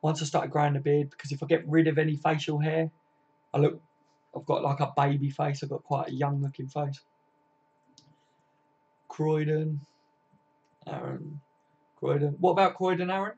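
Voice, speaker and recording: This is a man in his late twenties from Kent with a voice pitched a little high, chatting on a live stream. He is laid-back and matey, and he answers his viewers by name with plenty of casual swearing. The recording is dull and lo-fi. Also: completely flat delivery, moderate pace, pauses often, a little mellow, breathy edge. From Kent, England. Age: 20s. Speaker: football fan live streamer.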